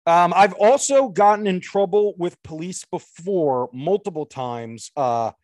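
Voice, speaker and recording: A young man in his twenties tells a story to a friend on a podcast, his voice sitting a little high. He rambles, restarts and piles on fillers, animated and casual throughout. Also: a little slow. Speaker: podcast co-host.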